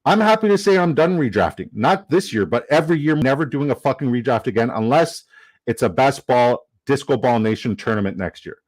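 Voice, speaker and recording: A young man casually chatting on a live stream, reading chat comments aloud, excitable and swearing freely. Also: mid-range voice, fairly quick. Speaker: fantasy football streamer.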